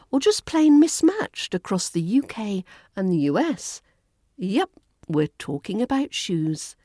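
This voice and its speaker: Slow, clear British RP woman coach. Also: mid-range voice, a little mellow, dry recording, studio quality. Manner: slow, clearly enunciated, repeats words for practice. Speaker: accent coach. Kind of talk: scripted pronunciation lesson.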